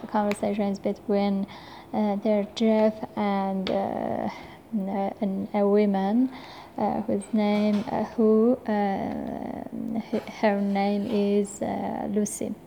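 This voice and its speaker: Slow, hesitant woman with constant fillers. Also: medium pitch, little pitch movement, creaky, mellow, dull audio, a little hiss or hum. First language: not English. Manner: hesitant, many filler sounds and restarts. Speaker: forum member presenting a talk. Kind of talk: slow unscripted monologue.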